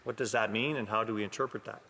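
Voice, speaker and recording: A man's voice: on the low side, fairly even intonation, quick pace, bright, forceful tone. A man, a member of parliament from Canada, giving a pointed, sometimes sarcastic speech in a legislative chamber. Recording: long hall reverb.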